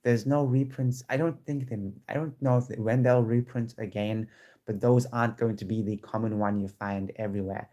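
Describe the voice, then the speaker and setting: A man talking casually to his viewers from home in a chatty, excitable way, often restarting his sentences. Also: medium pitch, normal speed, dull audio. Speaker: vlogger. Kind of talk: casual chat to camera. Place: home room with squeaky chairs.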